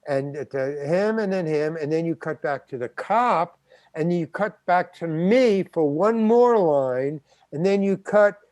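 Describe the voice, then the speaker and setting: An older man, a guest actor, telling a story in an interview, animated, stammering and acting out the other people's voices. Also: a little high, no echo. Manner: animated, acts out quoted voices, stammers and restarts.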